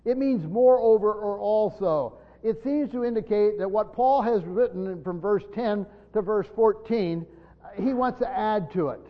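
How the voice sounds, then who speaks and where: A man teaches a Bible passage from a church pulpit, stumbling over his words and then pressing hard on the points he wants to land. His voice sits high. The recording sounds dull and muffled, with a long reverb trailing off the hall walls. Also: measured pace. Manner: stumbling restarts, emphatic rises on key points. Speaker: pastor.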